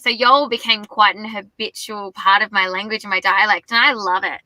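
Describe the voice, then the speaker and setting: A young woman talks excitedly in a casual interview. Her voice is very bright and tense in tone, and the recording is dry with almost no room sound. She gushes and piles on enthusiasm. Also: mid-range voice, normal speed, no room sound, rough recording. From Australia. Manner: bubbly, effusive, gushing. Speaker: singer-songwriter guest.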